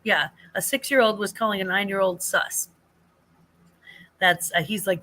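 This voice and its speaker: Bright-voiced chatty older woman host. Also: medium pitch, fairly even intonation, moderate pace, pauses often. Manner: rambling, chatty, laughs often, many fillers and restarts. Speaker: livestream host. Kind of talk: casual live chat.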